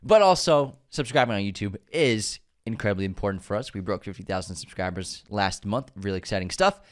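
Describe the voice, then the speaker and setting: A man's voice: on the low side, brisk. Nasal-voiced man plugging a podcast. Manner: relaxed banter, friendly plug delivery. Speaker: podcast co-host. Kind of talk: casual chat and read-out show promos.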